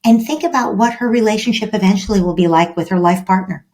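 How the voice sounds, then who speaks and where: A woman guest on a parenting podcast, explaining calmly and acting out little dialogues as she goes. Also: medium pitch, quick pace. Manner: calm, explanatory, acts out quoted dialogue. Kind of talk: podcast interview.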